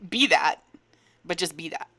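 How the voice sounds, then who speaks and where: Woman, low-pitched, sarcastic and lecturing, talks straight to camera. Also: lively intonation, unhurried, bright, forceful tone. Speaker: commenting creator in a played clip. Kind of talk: critical commentary to camera.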